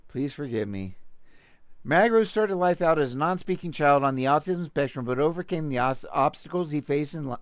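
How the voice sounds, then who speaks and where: A man's voice: fairly high pitch, lively intonation, moderate pace, pauses often, no echo, studio quality. A man from Texas with a Texan accent, hosting a show and reading a news article aloud, with sarcastic asides and stumbling restarts. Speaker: podcast host.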